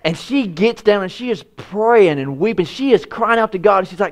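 A man preaching a sermon, voice rising high when he acts out prayers and dropping low and soft for quiet lines. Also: lively intonation, moderate pace, hardly any pauses. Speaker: pastor.

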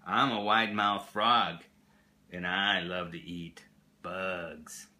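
A man's voice: low-pitched, fairly even intonation, takes it slowly, sharp tone, full character voice. An older man voicing a small, boastful wide-mouthed frog in a children's storybook, proud and bouncy.

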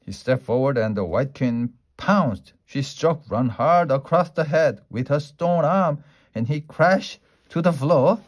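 A man reading a fantasy novel aloud, unhurried, now and then tripping over a word and restarting. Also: mid-range voice, lively intonation. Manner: unhurried, with small slips and restarts. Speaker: storyteller.

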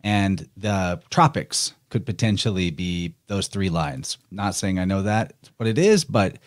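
Low-voiced man, chatty podcast guest. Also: animated, measured pace, dry recording, studio quality. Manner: chatty, laughs easily, musing. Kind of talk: casual conversation.

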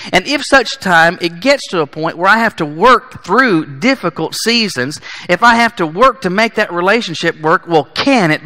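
A man preaching a sermon, emphatic and building to forceful peaks. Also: high voice, animated, moderate pace, few pauses. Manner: emphatic, rising to forceful peaks on key lines. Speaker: pastor. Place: church sanctuary. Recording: long church hall reverb.

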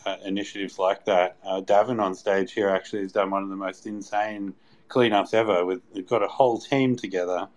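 A man co-hosting a casual live chat, relaxed and explanatory. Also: low voice, fairly quick. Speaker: co-host.

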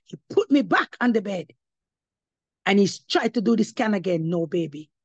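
A woman's voice: mid-range voice, lively intonation, normal speed, breathy edge, dry recording, lo-fi sound. A woman giving her testimony as an apostle, preaching to a congregation and slipping between English and patois, rising to emphatic cries of praise.

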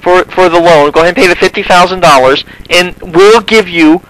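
A man's voice: sits high, brisk, fairly bright tone, no room sound. A man making a prank phone call, stammering through his words with feigned polite suspicion. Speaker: prank caller.

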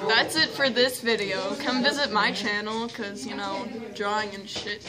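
Brief: woman guest slow and halting, highish voice, loud chatter around. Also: steady tone. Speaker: vlog guest. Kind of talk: casual chat. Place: school classroom. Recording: echoey room with loud chatter.

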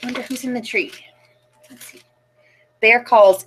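A woman librarian reading picture books aloud at a children's storytime, sing-song and animated, asking the kids questions. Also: a little high, measured pace, a little hiss or hum.

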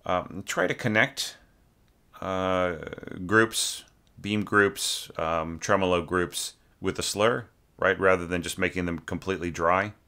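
A man with a very low voice talks through a student's orchestral score. He keeps it loose and conversational, thinking aloud with plenty of fillers and humming or singing quick syllables to show how a note should be shaped. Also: fairly even intonation, bright, forceful tone. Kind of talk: informal score critique.

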